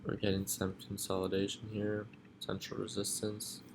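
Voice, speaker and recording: A man talks low and softly on a live stream, his fairly deep voice full of gravelly fry. He sounds relaxed and unhurried, speaking from home at night, with a faint hiss of noise behind him. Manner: talking quietly, relaxed and unhurried. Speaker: trading livestream host.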